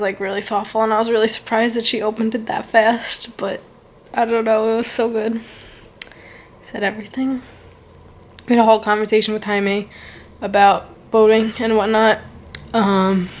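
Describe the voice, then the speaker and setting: A woman's voice: medium pitch, a little hiss or hum. A young woman telling a casual storytime vlog, gushing and rambling, with lots of "like" and "so good". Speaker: vlogger.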